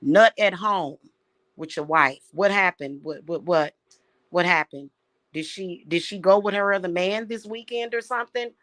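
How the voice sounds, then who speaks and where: A woman vlogger, her voice on the low side and a bit bright, speaks at a normal speed while furiously cursing out someone directly, repeating her words as she goes.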